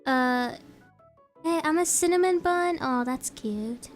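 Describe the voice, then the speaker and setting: High-voiced young woman chatting slowly, giggly. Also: soft background music. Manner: giggly, rambling, reads chat aloud. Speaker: streamer. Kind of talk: casual livestream chat.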